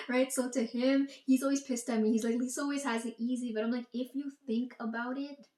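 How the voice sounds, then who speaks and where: A woman's voice: on the high side, steady tone, a little fast, hardly any pauses, warm tone. A woman in a casual, profane monologue, ranting and quoting herself and her family. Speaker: vlogger. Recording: echoey room.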